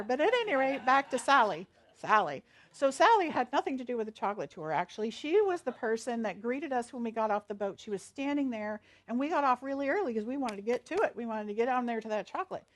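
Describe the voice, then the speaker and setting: Chatty woman minister, higher voice. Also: expressive, fairly quick, hardly any pauses. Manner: chatty, storytelling, laughs easily. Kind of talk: conversational sermon.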